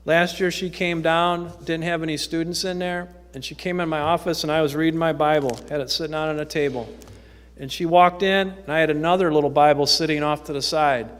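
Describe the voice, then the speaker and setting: Youth-ministry man at the pulpit, conversational and storytelling, slightly high voice, echoey sanctuary. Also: steady tone, fairly quick, a bit bright, clear, resonant tone. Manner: conversational storytelling with frequent ums. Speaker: youth ministry worker speaking at church. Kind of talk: informal testimony talk from the pulpit. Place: church sanctuary. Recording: echoey church hall.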